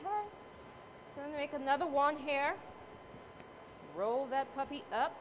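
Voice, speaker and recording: A woman's voice: sits high, a little slow, pauses often, a little hiss or hum. A woman doing a live cooking demonstration at a competition, chatting to the audience and judges in a motherly, playful way as she cooks. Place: cooking competition event space.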